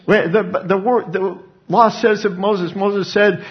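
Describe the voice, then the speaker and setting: A male preacher works through scripture in an earnest sermon, with lively asides along the way. His voice sits fairly high for a man and has a gravelly rasp. The recording is muffled and lo-fi. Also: a little slow, few pauses. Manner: earnest Bible exposition with animated asides. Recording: dull lo-fi recording.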